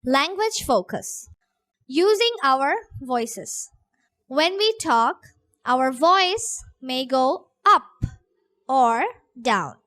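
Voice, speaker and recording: A woman reading a grammar lesson aloud in a very slow, deliberate way. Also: high-pitched, expressive, bright, forceful tone. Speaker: lesson narrator.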